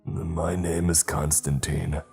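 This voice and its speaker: A man voicing a dying Russian secret agent with a Russian accent, confessing slowly. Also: very deep voice, level tone, creaky, a little mellow, soft background music, exaggerated voice. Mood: grim.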